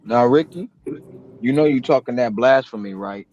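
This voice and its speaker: A man's voice: medium pitch, normal speed, a little mellow, lo-fi sound. A man teasing his friends in casual chat.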